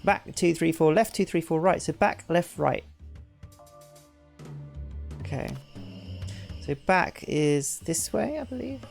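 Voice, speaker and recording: Chatty, gravelly-voiced game streamer. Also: female voice, on the low side, lively intonation, slow, pauses often, a little mellow, soft background music. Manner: chatty, self-deprecating, talks to chat. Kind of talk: casual gameplay commentary.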